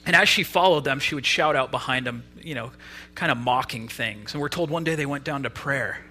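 A young adult man preaching a sermon, retelling a story in a casual, lively way. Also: medium pitch, a little fast.

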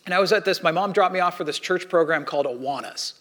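High-voiced animated male preacher. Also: fast. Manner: animated, acts out scenes, repeats words. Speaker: pastor. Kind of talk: sermon with personal storytelling.

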